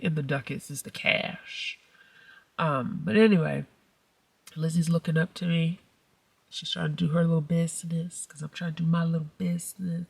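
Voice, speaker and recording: A middle-aged woman vlogging casually to her viewers, telling a family story and acting out the quoted lines with sudden high-pitched outbursts. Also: gravelly, slightly rough, no echo, distant mic. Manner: animated storytelling, acts out quotes with big pitch jumps. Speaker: mommy vlogger. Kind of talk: casual vlog talk.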